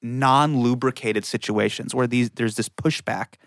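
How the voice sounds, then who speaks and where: A man's voice: medium pitch, fairly even intonation, a little slow, dry recording. A man from California speaks as a podcast guest. He is passionate and emphatic, and his mid-range voice comes through on a close, dry mic. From California, USA. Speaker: guest comedian. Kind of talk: casual interview talk.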